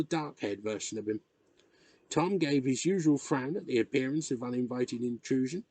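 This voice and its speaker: A man reading a novel chapter aloud in measured, expressive narration. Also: medium pitch, breathy edge, no echo. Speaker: reader. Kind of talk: audiobook narration.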